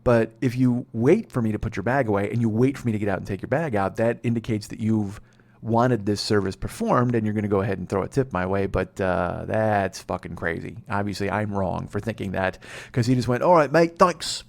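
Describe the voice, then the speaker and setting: A man's voice: on the low side, fairly even intonation, a little fast, vocal fry, a little mellow. A man in his forties, a comedy podcast host telling a rambling, profane, sardonic story. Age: 40s.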